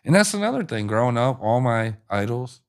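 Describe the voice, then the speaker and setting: A man's voice: mid-range voice, a little fast, clear, resonant tone. A man, a football coach, telling stories in a casual conversation. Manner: animated storyteller, acts out quotes.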